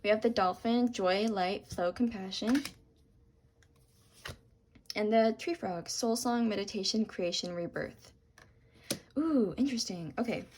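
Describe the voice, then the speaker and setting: A young woman giving a tarot reading, gentle and reassuring, with frequent ums and apologies, her voice cracking from talking a lot. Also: medium pitch, measured pace, long pauses, slight background noise. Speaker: tarot reader.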